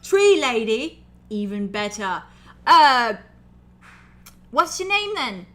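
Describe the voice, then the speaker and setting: A woman's voice: a little high, animated, normal speed, sharp tone. A woman voicing a big, cheerful young male orc who is a jokester, in a tabletop role-play. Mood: cheery. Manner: friendly, joking, upbeat.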